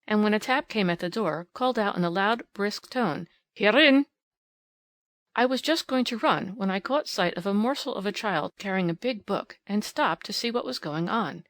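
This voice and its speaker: A woman's voice: medium pitch, no room sound. A woman reading a classic novel aloud as an audiobook, with small voice shifts for the dialogue. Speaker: audiobook reader.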